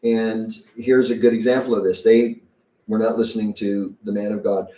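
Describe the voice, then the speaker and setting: A man's voice: fairly low pitch, little pitch movement, moderate pace, dark tone, roomy sound, far from the mic. A man preaching a sermon as pastor, conversational and folksy, acting out quotes as he goes. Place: church sanctuary.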